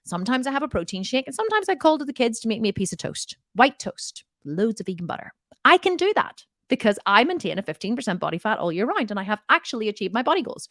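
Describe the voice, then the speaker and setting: A woman's voice: fairly high pitch, very animated, quick pace, a bit bright, dry recording, studio quality. A woman diet coach answering viewer questions in a live Q&A, blunt and direct, often laughing and swearing jokingly.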